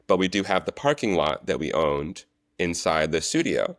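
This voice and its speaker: A man telling set stories as a guest, relaxed and chatty in a casual interview. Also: sits low, normal speed, no room sound, studio quality. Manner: animated storyteller, relaxed and chatty. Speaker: guest, actor and stunt coordinator.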